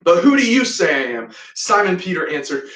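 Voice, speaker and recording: Guy preaching, storytelling style, higher voice, kinda far off in a roomy hall. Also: sing-song, brisk, a bit bright. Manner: storytelling preacher, acts out quoted lines with voices. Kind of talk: sermon. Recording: echoey room, from a distance.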